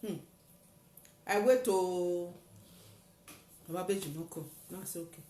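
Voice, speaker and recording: A woman with a Nigerian Pidgin accent tells a personal story dramatically, acting out the shouts of the people in it. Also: lowish voice, moderate pace, long pauses. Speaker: testifier. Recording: roomy echo, faint noise.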